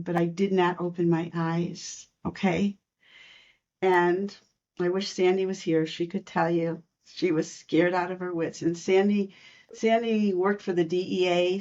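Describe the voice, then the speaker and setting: A woman guest telling personal stories in a podcast interview, lively and laughing between lines. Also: medium pitch, lo-fi sound. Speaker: guest, intuitive reader.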